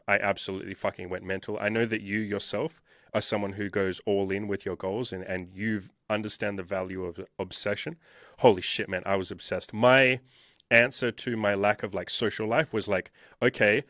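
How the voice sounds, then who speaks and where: Emphatic swearing man, lowish voice. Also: fairly bright tone, dry recording, studio quality. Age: 30s. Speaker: guest. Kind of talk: casual interview storytelling.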